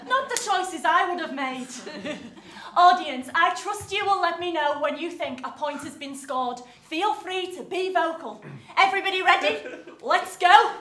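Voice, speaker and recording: Woman as a chirpy showbiz quiz host, super high bright voice, echoey hall. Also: a little slow, slight background noise. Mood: perky. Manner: bright showbiz presenting, amused. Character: chirpy, theatrical game show hostess. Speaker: game show host. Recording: roomy live stage sound.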